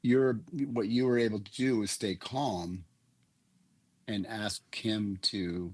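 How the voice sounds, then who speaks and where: An older man with a low, somewhat husky voice speaks as a guest in a conversational interview. He is earnest and reflective, and he explains ideas through vivid analogies. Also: takes it slowly. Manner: earnest, uses images and analogies. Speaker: guest, leadership coach.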